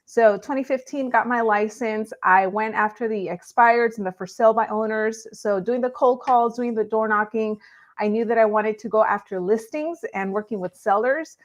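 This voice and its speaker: An upbeat woman from Los Angeles talks as a guest on a live show. Her voice sits a bit high, and her delivery is chatty and friendly. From Los Angeles, California. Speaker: guest, real estate agent. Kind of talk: casual interview chat.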